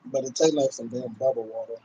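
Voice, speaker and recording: A man's voice: mid-range voice, fairly even intonation, a little fast, mellow, slight background noise, low-quality recording. A man chatting loosely and calling out to his viewers on a home livestream. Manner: laid-back, loose talk, calls out to viewers constantly. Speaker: livestream host. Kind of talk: casual livestream chat.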